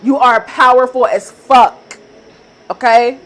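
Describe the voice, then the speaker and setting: A young woman with a high-pitched voice delivers a motivational vlog straight to her viewers. She speaks in emphatic, repetitive affirmations. Her address is casual and direct, with frequent swearing. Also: fairly even intonation, slow pace, a bit bright, a little hiss or hum, poor audio. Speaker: manifestation coach.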